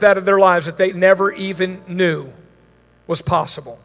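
Soft music plays behind a man whose high, creaky, fairly bright voice holds a steady tone at a moderate pace. Before a congregation in a large, reverberant church hall, he leads a sermon with prayer and Q&A, praying with fervent command and turning chatty in asides.

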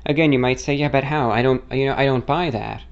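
A muffled recording captures a mid-range male voice moving at a quick pace. The host, from the United States, has a mildly non-rhotic accent with a slightly British-like lilt and rambles through a casual, self-correcting story in answer to a listener's question.

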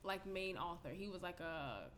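A woman's voice: lowish voice, animated, moderate pace, fairly bright tone, slight background noise. A woman in casual chat, telling stories with lots of "like" and acting out what other people said. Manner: chatty storyteller, lots of "like", acts out other people's words.

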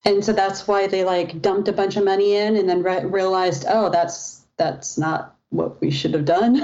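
A woman who speaks slowly and easily in a mellow, warm tone. She chats casually as a podcast co-host and laughs easily. The sound is dull and lo-fi. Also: medium pitch, huge pitch swings. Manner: unhurried, chatty, laughs easily. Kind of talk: casual chat.

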